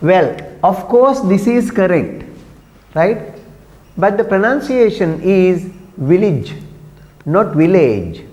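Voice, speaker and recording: A man's voice: sits high, expressive, slow, a little mellow. A man teaching pronunciation to a class, patiently repeating words and asking questions. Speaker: English teacher. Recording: long echoey room reverb.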